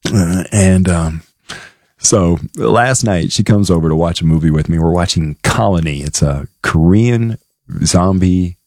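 Young man, low gravelly voice, husky, relaxed story-teller, casual vlog. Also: measured pace, no room sound, clean studio sound. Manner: lighthearted storytelling. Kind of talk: casual anecdote to camera.

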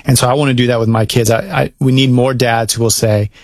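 Earnest dad, reflective and conversational, a few fillers, dry close sound. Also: male voice, medium pitch, steady tone, quick pace, a little mellow, dry recording. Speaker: guest speaking as a dad. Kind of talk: casual faith-based conversation.

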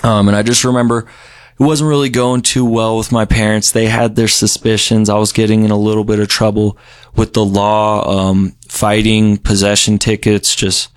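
A young man from Colorado telling his recovery story in a relaxed, rambling way, full of "you know" and "um.". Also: on the low side, moderate pace, dry recording, studio quality. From Colorado, USA. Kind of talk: casual recovery story interview.

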